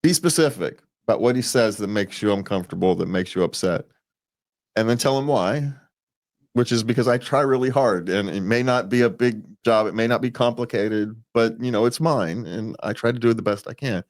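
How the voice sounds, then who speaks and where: A man's voice: fairly low pitch, a little fast. A man co-hosting a relationship advice show, talking casually, rambling with restarts and frequent chuckles. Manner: rambling, restarts and repeats words, chuckles often.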